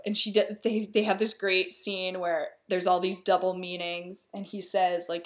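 Retelling the plot of a comic play with quoted voices, a young woman uses slangy, casual words and briefly performs the characters' lines. Her voice is lowish with fairly even intonation, moving at normal speed with hardly any pauses.

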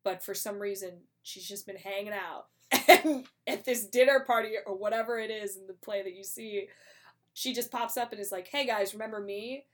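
A woman in a casual chat, retelling a play in a chatty, animated way and acting out the characters' lines. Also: mid-range voice, normal speed.

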